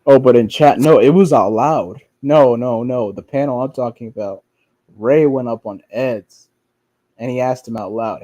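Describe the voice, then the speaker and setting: Rambling, profane man with a mellow voice. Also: mid-range voice, moderate pace, no room sound. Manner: profane, rambling, with frequent restarts and fillers; mocks others by quoting them in a whiny voice. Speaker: streamer commenting on online drama. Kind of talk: casual rambling commentary.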